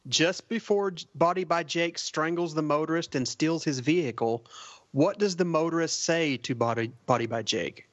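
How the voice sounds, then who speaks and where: A slightly high-voiced man runs a casual podcast quiz, reading out questions and laughing off the teasing. The sound is dull and lo-fi, and the room is dead dry with no echo. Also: normal speed, a bit bright. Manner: reads questions, laughs at banter. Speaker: quiz host.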